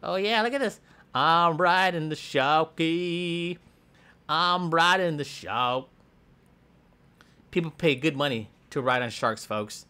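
A man's voice: on the high side, takes it slowly, pauses often, clean tone. Bob, a man voicing a hyper boastful schoolboy. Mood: playful. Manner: excitable, goofy, jumps between squeals and mutters. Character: hyper boastful schoolboy hero with a pet shark. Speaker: gameplay voice actor. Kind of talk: comedic game voiceover.

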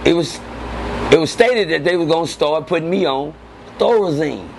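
Male interview guest, casual profane storyteller, animated, a bit higher voice, noisy hum behind. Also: moderate pace, gravelly. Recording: noisy background.

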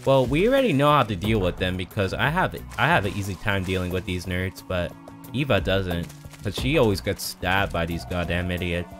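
A man's voice: deep voice, expressive, moderate pace, a bit bright, faint music behind. Self-mocking male game streamer. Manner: self-deprecating, rambling, pleads with a game character. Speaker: gaming streamer. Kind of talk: casual gameplay commentary. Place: home room with a TV. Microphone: desk mic on an arm.

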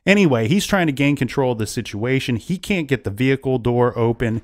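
A man's voice: mid-range voice, lively intonation, fairly quick. A man hosting a casual true-crime podcast, retelling events at length with frequent restarts. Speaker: podcast host.

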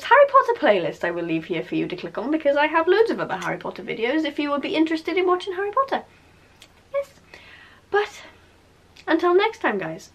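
A young woman vlogging, chatty and animated, with lots of fillers and repeated emphasis. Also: fairly high pitch. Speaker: YouTuber. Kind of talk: casual vlog chat.

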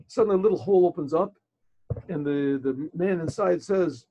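Gravelly, high-voiced rabbi telling a story. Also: male voice, darkish tone, highs cut off. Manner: halting, repeats and restarts phrases. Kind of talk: storytelling on a video call. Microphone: video call.

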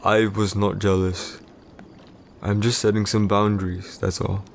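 A man voicing a possessive, jealous warrior husband in a whispered role-play, curt and irritated, speaking low and close. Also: little pitch movement, measured pace, vocal fry, slight background noise. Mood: grudging. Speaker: voice actor in a boyfriend roleplay.

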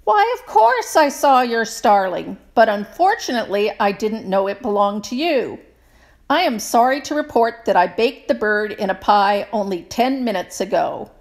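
A woman's voice: on the high side, expressive, normal speed. A woman voicing a simple, jolly male baker who is pleased with his own joke. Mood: joking.

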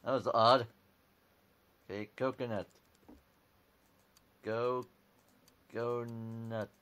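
A man's voice: mid-range voice, fairly even intonation, drawn-out words, a bit bright. A man giving casual, dry commentary while playing a computer game, reading on-screen text aloud at a desk mic. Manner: offhand, dry, reads out on-screen text, keeps saying "alrighty". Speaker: gameplay video maker.

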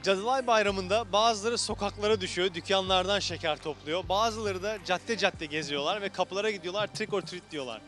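His voice high and his delivery fairly quick with hardly any pauses, a Turkish TV reporter and host does playful street interviews and narration outdoors in a city. He jokes and teases people over a handheld mic while loud music plays underneath.

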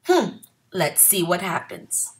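A woman teacher reading a picture book aloud to children, pausing to ask questions about the illustrations in an expressive storytelling manner. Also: fairly low pitch. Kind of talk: read-aloud lesson.

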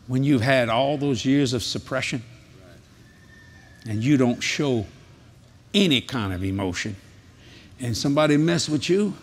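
A man's voice: mid-range voice, a little slow, long pauses. Folksy preacher, older man. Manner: folksy, animated, drawling storyteller. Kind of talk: sermon with storytelling and prayer. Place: large convention hall.

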